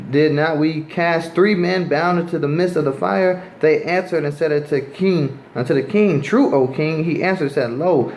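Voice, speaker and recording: A man's voice: mid-range voice, darkish tone, slight background noise, rough recording. A man giving a scripture teaching sermon, reading verses aloud and pressing his points with emphatic rhetorical questions. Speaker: Bible teacher.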